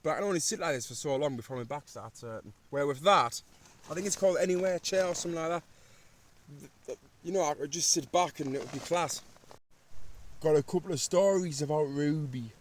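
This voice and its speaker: Man, slightly high voice, casual storytelling, local slang, inside a small tent. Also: brisk, slight background noise. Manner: chatty, animated anecdotes with local slang. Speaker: vlogger. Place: inside a small tent while wild camping.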